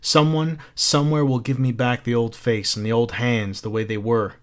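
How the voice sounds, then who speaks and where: A man's voice: mid-range voice, steady tone, moderate pace, smooth, lightly acted. Troubled fireman, earnest and urgent, man reading him.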